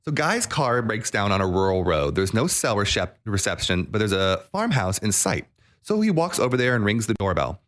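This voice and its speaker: A man's voice: fairly low pitch, very animated, moderate pace, a bit bright. A man co-hosting a podcast, telling a long shaggy-dog joke and laughing at his own punchline. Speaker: podcast co-host.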